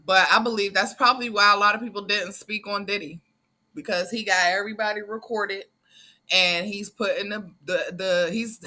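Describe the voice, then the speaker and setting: A woman hosting a reaction channel, chatting in an animated, emphatic, slangy way. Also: mid-range voice. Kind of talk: casual reaction commentary.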